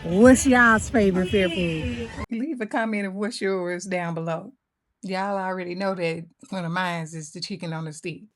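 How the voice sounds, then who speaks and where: A woman's voice: lowish voice, steady tone, moderate pace. A woman from Mississippi with a Southern accent, chatting casually as a cooking vlog host and laughing often. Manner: chatty, laughs often, addresses viewers as y'all. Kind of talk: casual chat.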